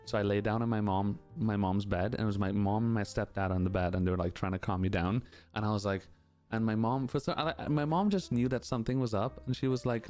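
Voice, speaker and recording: A man with a lowish voice talks in loose, candid casual chat as a streamer answers questions from his chat. He rambles, restarts and fills his speech with "like" and "you know". Faint music plays behind him. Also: a little fast, darkish tone.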